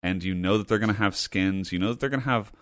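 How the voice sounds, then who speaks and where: A man co-hosting a gaming podcast, speaking in casual chat. He is animated and emphatic and repeats points for effect. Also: on the low side, quick pace, no echo, studio quality. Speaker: podcast host.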